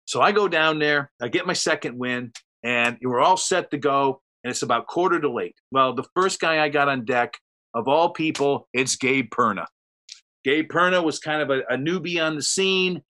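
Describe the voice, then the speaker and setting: Here a storyteller guest, his voice on the high side and his pace moderate, rambles through a lengthy anecdote in casual chat. He brings it to life by acting out everyone's lines.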